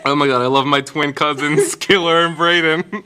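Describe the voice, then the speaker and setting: A man's voice: fairly high pitch, normal speed, pushed and bright, clear, resonant tone. A young man co-hosting a podcast, giggling often as he reads old school work aloud in a casual chat. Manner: giggly, reads with frequent laughter. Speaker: podcast co-host.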